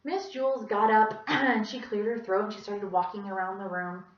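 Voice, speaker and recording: A young woman performing a children's story aloud for a storytelling class, animated and voicing many characters. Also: medium pitch, moderate pace. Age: young adult. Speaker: student storyteller. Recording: distant mic, roomy, dull sound.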